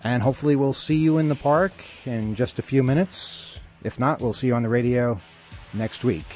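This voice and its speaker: A man hosting a call-in radio talk show, earnest and full of halting fillers as he speaks into a studio microphone. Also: medium pitch, mellow, faint music behind.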